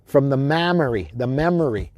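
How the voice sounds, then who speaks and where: A man, a shamanic drum healer, giving a heartfelt live-streamed spiritual talk, slow and repetitive with chanted invocations, teary-eyed and speaking to his own camera. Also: medium pitch, expressive, a little mellow, no echo. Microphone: self-filmed camera.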